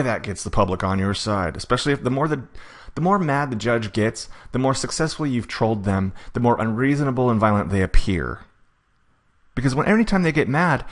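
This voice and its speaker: Fast-talking man coaching for court. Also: mid-range voice. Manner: fast-talking, self-admittedly rushed; acts out judge and defendant lines in quick asides. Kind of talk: coaching session recap.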